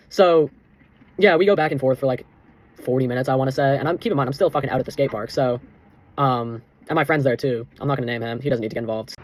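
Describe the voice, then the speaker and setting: A man's voice: medium pitch, fast. A young man telling a personal story in a rambling, profane, heated vlog rant. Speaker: vlogger.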